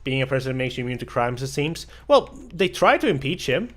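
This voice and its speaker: Gaming on a charity stream, a young man from Sweden chats casually, rambling and cursing with many restarts. His pitch is medium but swings widely, and he talks a little fast.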